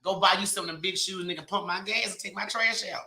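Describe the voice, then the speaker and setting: A woman co-hosting a podcast, joking loosely in raunchy banter and often dropping into low mutters. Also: quick pace, creaky, sharp tone. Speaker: podcast co-host. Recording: roomy echo.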